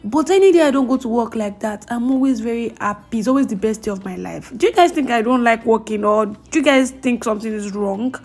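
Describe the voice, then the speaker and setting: A woman's voice: on the high side, lively intonation, brisk, few pauses, darkish tone. A young woman with a Nigerian accent, chatting casually to camera in a vlog and slipping in Pidgin phrases. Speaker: vlogger.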